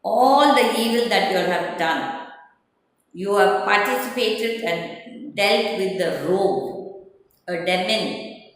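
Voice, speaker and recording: A woman's voice: medium pitch, slow. A woman advocate giving indignant political commentary, her emphasis rising and falling. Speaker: advocate and party spokesperson. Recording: echoey hall with faint ambience.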